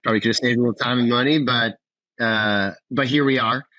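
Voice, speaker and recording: Relaxed Minnesota-accented man in his thirties. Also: mid-range voice, brisk, no echo, highs cut off. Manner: relaxed, casual, fillers and restarts. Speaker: guest. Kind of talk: interview storytelling.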